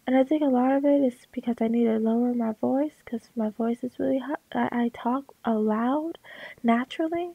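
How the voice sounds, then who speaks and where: A woman's voice: on the high side, normal speed, dry recording, narrow, tinny audio. Crackly-voiced young woman, rambling chat. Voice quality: crackly, gravelly voice. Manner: rambling, many fillers and restarts. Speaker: artist vlogger. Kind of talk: rambling casual talk over a drawing. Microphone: headset.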